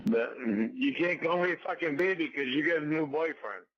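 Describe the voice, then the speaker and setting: A man's voice: on the high side, moderate pace, no echo. A drunk man on a phone call, stammering and repeating himself as he throws out angry accusations. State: drunk, slurring. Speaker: prank call target.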